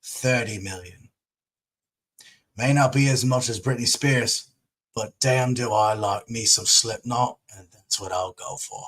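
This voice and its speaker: A man doing a blunt, matter-of-fact English fellow with an attempted English accent, pitched noticeably lower than his own voice. He lays out his point plainly and bluntly, in a rough, casual impression. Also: a little slow, fairly bright tone. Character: friendly English male author friend, blunt.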